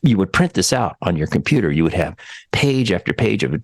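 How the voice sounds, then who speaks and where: A man hosting a tech talk show in casual chat, enthusiastic and exclaiming with big jumps in pitch. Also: sing-song, normal speed, no echo, clean studio sound. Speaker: radio show host.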